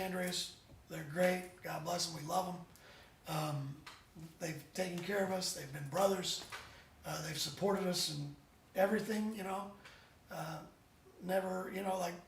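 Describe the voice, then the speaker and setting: Man, band member guest, high gravelly voice, rambling storyteller, echoey distant mic. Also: a little hiss or hum. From United States. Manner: rambling, animated storyteller with many restarts. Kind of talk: casual interview chat. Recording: roomy echo, distant mic.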